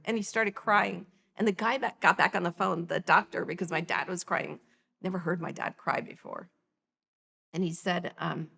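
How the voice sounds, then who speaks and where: A woman's voice: lowish voice, fairly quick, vocal fry. A middle-aged woman, a podcast guest, telling her personal story with animation and acting out the dialogue. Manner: animated, acts out quoted dialogue. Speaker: guest, nonprofit founder.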